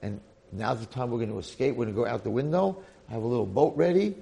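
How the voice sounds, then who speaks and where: A man playing a wise old medicine man who speaks in a calm, insistent way. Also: mid-range voice, fast, vocal fry, lightly acted. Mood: urging.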